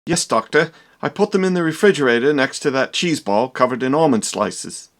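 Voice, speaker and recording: A man doing a gruff hunchbacked servant. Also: animated, fairly quick, close to an everyday voice. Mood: cheeky. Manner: low, gruff, wisecracking. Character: bug-eyed hunchbacked male servant, cheeky.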